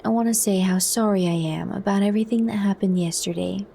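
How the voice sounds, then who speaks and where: A man's voice: high-pitched, fairly even intonation, fast, vocal fry, mellow, breathy edge, heavily acted. A woman voicing a nervous, apologetic young man with a hesitant manner in a whispered role-play. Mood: earnest.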